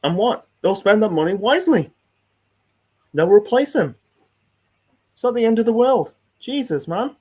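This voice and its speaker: Male streamer host, high husky voice, rambling, heated, sweary reaction rant. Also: sing-song, moderate pace, pauses often, mellow. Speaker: host reacting to a football video. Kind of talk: casual live-stream rant.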